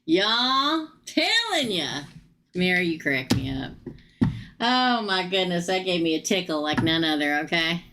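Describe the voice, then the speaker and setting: Woman, tarot reader, live stream, animated, laughs a lot, lowish voice. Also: normal speed, background noise. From United States. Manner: animated, laughs often, chatty.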